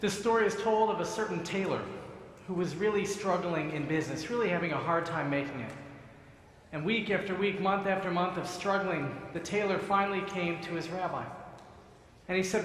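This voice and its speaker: A rabbi delivers a sermon in a conversational, storytelling manner, with a slightly high voice. His words ring out with the long reverb of a large sanctuary. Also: fairly quick, a bit bright, slight background noise. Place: synagogue sanctuary.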